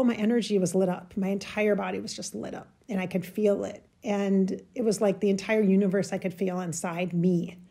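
A woman telling a personal spiritual story in a halting, emotional way, searching for words and getting choked up. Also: mid-range voice, mellow, slightly rough. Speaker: spiritual channel host.

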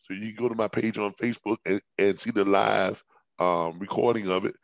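A man, giving a live-streamed business presentation in a scratchy, hoarse voice and talking haltingly with many fillers and restarts. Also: lowish voice, fairly even intonation, no echo.

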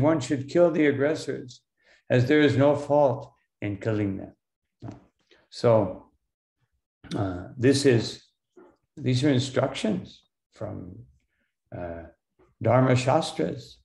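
A man, a monk, lecturing on scripture in a halting way, with many fillers and "no?" tags, slowing down for Sanskrit terms. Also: medium pitch, expressive, creaky, darkish tone, echoey room. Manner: slows for Sanskrit terms and quotes.

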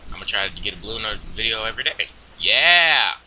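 A young man casually commentating his online game, crude and profane, rambling quietly and then suddenly yelling at other players. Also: fairly low pitch, steady tone, racing, slight background noise, rough recording. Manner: crude, profane, swings into loud outbursts. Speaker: gaming video host.

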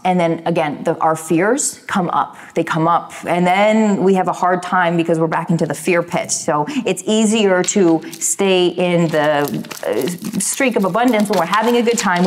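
A woman giving a recorded tarot reading in a soothing, encouraging way, often checking in with "right?". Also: medium pitch. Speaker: tarot reader.

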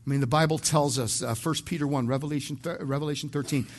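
A man's voice: a little high, steady tone, fast talker. A male pastor preaching verse by verse in a conversational way, often repeating words as he starts a sentence and slipping in light jokes. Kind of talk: verse-by-verse sermon.

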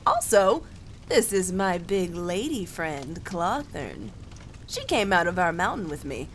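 A woman's voice: lowish voice, big pitch swings, slow, a little hiss or hum, heavily acted. A woman voicing a boastful, cheerful human man who believes he is a dwarf. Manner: cheerful, puffed-up bragging.

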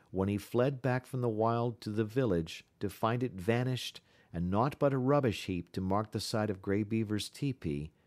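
A man narrating a classic novel as an audiobook in a measured storytelling delivery. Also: lowish voice, darkish tone.

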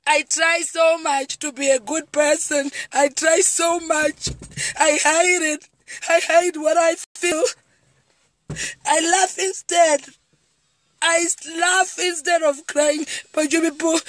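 A very high-pitched woman's voice, barely moving in pitch, comes through slow and a bit bright with no echo. She is a Zimbabwean comedian, tearful and distraught, pouring out a repetitive, pleading monologue on a live video filmed on a phone.

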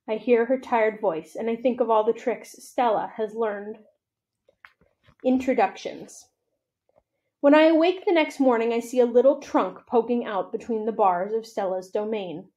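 A woman reading a children's novel aloud, telling the story in an expressive, steady way. Her voice is somewhat high yet soft and mellow in tone. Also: moderate pace, dull audio. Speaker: library storytime reader.

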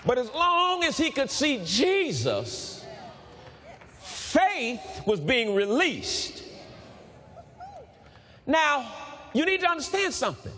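A man preaching a sermon, reading scripture aloud and acting out its dialogue in an animated way. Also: very high voice, slow pace, long pauses, long reverb tail, a little hiss or hum. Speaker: pastor.

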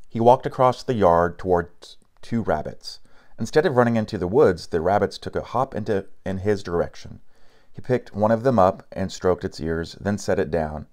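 A man reading a picture book aloud in a steady, unhurried way, with small slips and restarts. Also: deep voice. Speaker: narrator.

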